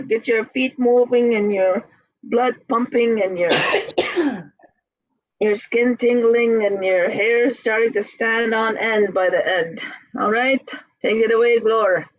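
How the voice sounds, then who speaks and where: A language teacher leading an online class in a relaxed, halting way with many fillers, heard over a video call. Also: medium pitch, no room sound, muffled recording.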